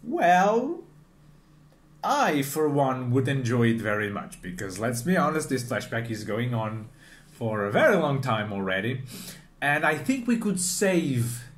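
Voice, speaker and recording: A man hosting a casual reaction video, talking in a chatty, animated way and often restarting his sentences. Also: mid-range voice. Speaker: manga reaction video host. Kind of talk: casual commentary.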